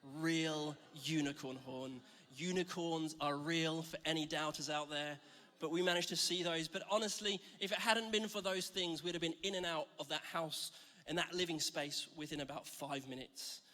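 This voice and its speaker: A man's voice: fairly high pitch, steady tone, normal speed, bright, forceful tone. A man giving a chatty, joking sermon to a church, telling stories with self-deprecating humour. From Scotland. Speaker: church speaker. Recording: reverberant hall.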